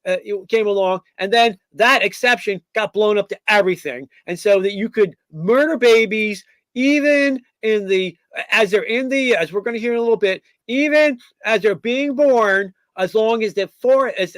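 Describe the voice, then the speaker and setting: High-pitched guy ranting on his own show, tons of ums and restarts, dry close sound. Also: a bit bright, no room sound. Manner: rambling, many fillers and restarts; acts out quoted figures in mock voices. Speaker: podcast host. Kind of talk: opinionated political monologue.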